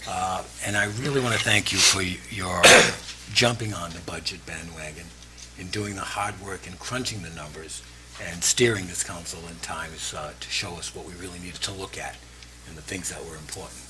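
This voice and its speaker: A man presiding over a town council meeting, speaking emotionally with many pauses and fillers as he gives farewell thanks. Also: low voice. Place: town hall council chamber. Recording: noisy meeting room recording.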